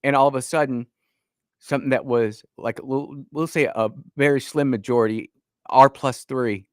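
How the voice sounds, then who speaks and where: A man's voice: medium pitch, fairly even intonation, normal speed, smooth, dry recording. Male talk radio host, folksy and emphatic, dry close studio sound. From Northern Illinois. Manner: folksy, emphatic, frequent restarts. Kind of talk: political talk radio commentary.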